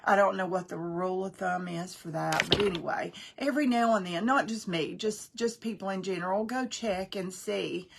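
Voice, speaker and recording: A woman's voice: mid-range voice, normal speed, creaky, hardly any pauses, slight background noise. A woman hosting a craft livestream, chatting casually and greeting viewers by name. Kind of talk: casual live-stream chat.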